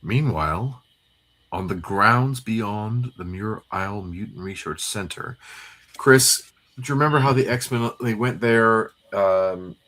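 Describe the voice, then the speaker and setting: Rambling, lower-voiced man recapping comics. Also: slow, fairly bright tone. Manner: rambling recap with many fillers. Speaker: co-host. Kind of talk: casual comic read-through chat.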